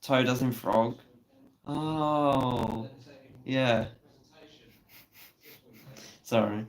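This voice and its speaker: A man hosting a casual live stream reads comments, chatting with and teasing viewers while swearing freely. He speaks at a medium pitch, drawing out his words, and the audio is poor.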